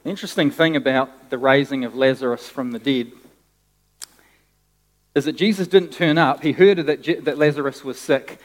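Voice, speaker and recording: Male pastor, sermon, lively conversational delivery, somewhat high voice, long hall reverb. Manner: animated, conversational preaching with restarts.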